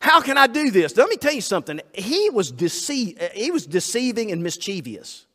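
A man's voice: sits high, a bit bright, in a large hall. A man preaching a sermon in a folksy storytelling manner, often repeating words as he goes.

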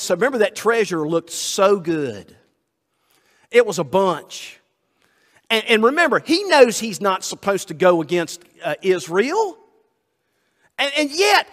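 A man's voice: high-pitched, a bit bright, in a large hall. A man preaching a sermon in a folksy storytelling manner, often repeating words as he goes.

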